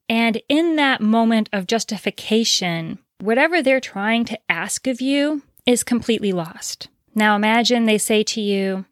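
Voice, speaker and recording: A woman's voice: fairly high pitch, normal speed, no echo. Direct woman giving advice, dry sound. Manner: direct, explanatory, rhetorical questions. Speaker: podcast host. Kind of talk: solo advice talk.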